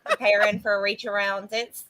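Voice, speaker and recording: A woman's voice: medium pitch, flat delivery, normal speed, over a noisy crowd. A woman co-hosting a podcast in casual chat, blunt, profane and sarcastic. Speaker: podcast co-host.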